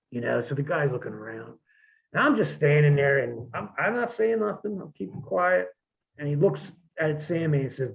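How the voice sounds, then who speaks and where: A man telling profane, animated stories in a casual chat as a podcast host. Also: a little high, normal speed, gravelly. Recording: tinny phone-like audio.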